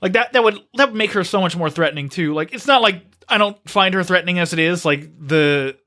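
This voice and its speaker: A man with a fairly high, bright and forceful voice hosts a casual podcast chat. He talks in an animated way and stacks up one rhetorical question after another. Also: brisk. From United States. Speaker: podcast host.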